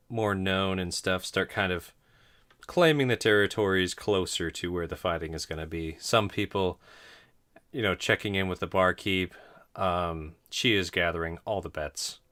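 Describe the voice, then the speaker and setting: A man with a deep, low voice runs a tabletop game, describing the scene for his players. He rambles along casually, often laughing and stumbling over tricky words. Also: steady tone, a little slow, a bit bright. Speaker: game master.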